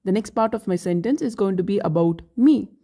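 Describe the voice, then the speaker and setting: A woman teaching a beginner language lesson, explaining grammar points slowly and carefully with example phrases. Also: mid-range voice, expressive, dark tone.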